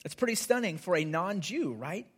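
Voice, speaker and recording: A pastor with a husky voice that sits high and has lively intonation preaches at a normal speed. He earnestly explains scripture, using frequent tag questions and repeating words, especially as he starts phrases.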